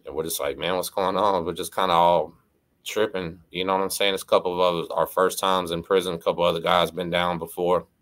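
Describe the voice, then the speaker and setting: Middle-aged man, deep low voice, casual storyteller who keeps tossing "right?" to the listener. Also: steady tone, a little fast, fairly bright tone. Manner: conversational, frequent "right?" and "you know what I mean" asides. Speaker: host.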